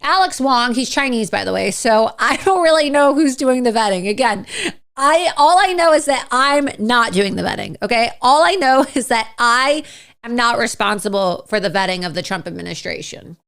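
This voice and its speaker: A woman's voice: on the high side, expressive, moderate pace, vocal fry, a bit bright. A woman giving political opinion commentary, emphatic and repeating her points, with little chuckles in the middle of her sentences.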